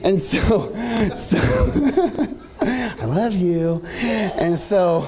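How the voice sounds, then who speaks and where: A man's voice: sits high, sing-song, drawn-out words, darkish tone, soft background music. A man in his thirties preaching a sermon as pastor, swinging from joking asides to rising, half-sung climaxes. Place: church stage.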